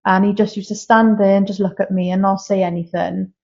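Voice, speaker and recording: Woman, medium-pitched voice, candid and emotional storytelling, slightly dull lo-fi recording. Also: level tone, brisk, vocal fry, a little mellow, slight background noise. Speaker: guest medium. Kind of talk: casual interview conversation. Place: castle room, filmed live.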